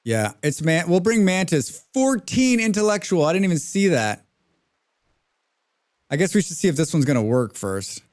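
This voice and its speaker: A man's voice: fairly high pitch, sing-song, normal speed, darkish tone. A man streaming a colony game live, chatting casually and ranting to his viewers while he plays. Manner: chatty, ranting, reads out chat names.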